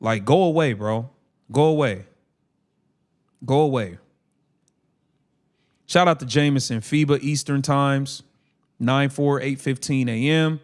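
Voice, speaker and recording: A man's voice: mid-range voice, slow, long pauses. A man hosting a casual live watch-along stream, calling the plays and ranting in heated slang.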